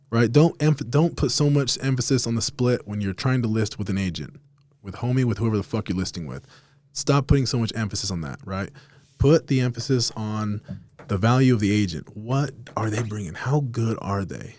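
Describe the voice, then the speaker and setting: A man's voice: on the low side, animated, moderate pace, darkish tone. Blunt, swearing man on a podcast. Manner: blunt, heavy swearing, emphatic. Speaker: podcast host. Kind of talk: casual podcast chat.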